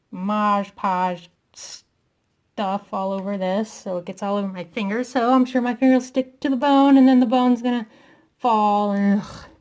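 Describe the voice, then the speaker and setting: A woman chats casually through a craft tutorial, talking to herself as she works, self-deprecating and a little out of breath. Her voice is medium-pitched and a little mellow.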